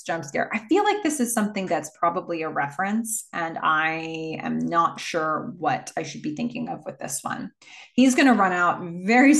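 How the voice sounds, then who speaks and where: A woman hosting a casual movie recap and telling the plot in a chatty way, with many fillers. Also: on the low side. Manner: chatty, filler-heavy storytelling.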